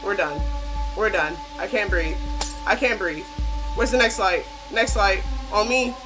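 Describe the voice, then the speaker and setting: A woman narrating her own horror game playthrough in slangy, casual chatter, looping the same frightened phrases again and again. Her voice sits at an ordinary middle pitch. Game music plays loudly beneath her. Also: a little slow, poor audio. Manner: jittery, repeats panicked phrases over and over. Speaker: gaming channel host. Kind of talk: horror game let's-play commentary.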